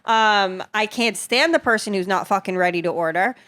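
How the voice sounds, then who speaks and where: A woman's voice: medium pitch, normal speed, fairly bright tone. A woman hosting a comedy podcast, chatting casually in a blunt, profane way and laughing often. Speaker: podcast host.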